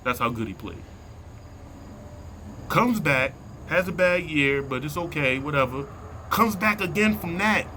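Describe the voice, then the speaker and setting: A man vlogging a heated sports opinion rant from inside a vehicle, slangy and worked up, repeating himself and sinking into low mutters. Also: animated, a little slow, long pauses, bright, forceful tone, a little hiss or hum.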